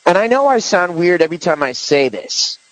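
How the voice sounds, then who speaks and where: Rambling man with a raised pitch. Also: big pitch swings, brisk, fairly bright tone, no echo, rough recording. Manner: rambling with many restarts and fillers. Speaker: podcast host. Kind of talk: casual political chat.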